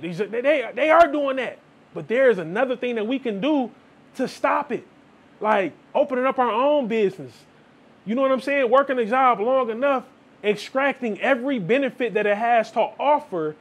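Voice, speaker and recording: High-voiced man preaching casually to camera. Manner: preachy, repeats "man" and "like", quotes people in asides. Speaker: vlogger. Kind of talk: casual motivational monologue.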